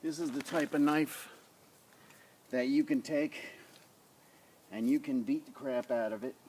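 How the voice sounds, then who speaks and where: A man's voice: medium pitch, measured pace, background noise. A man casually reviewing a survival knife in his yard, talking in a rambling, blunt way into a tablet camera on a tripod. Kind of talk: casual outdoor demo vlog. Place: outdoors in a front yard.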